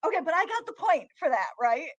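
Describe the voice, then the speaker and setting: High-voiced woman with a dry sound. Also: very animated, quick pace, no room sound, highs cut off. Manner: playful, self-deprecating, laughing. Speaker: co-host, teen librarian. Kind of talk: casual livestream chat.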